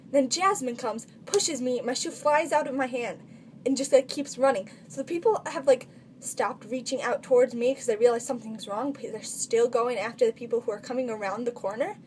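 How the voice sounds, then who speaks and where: A woman's voice: high-pitched, a little hiss or hum. A teenage girl telling funny stories in a casual vlog, chatty and full of filler words. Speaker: vlogger.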